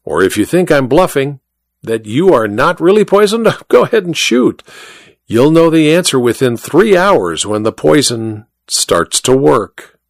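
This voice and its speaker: A sly, chuckling little druggist, put on by a man reading a mystery story, his voice lifted higher than the narration and swinging through lively turns. He taunts with smug, unhurried politeness in a close, dry sound. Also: vocal fry, no echo, heavily acted. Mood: taunting. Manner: chuckling, mocking, teasing.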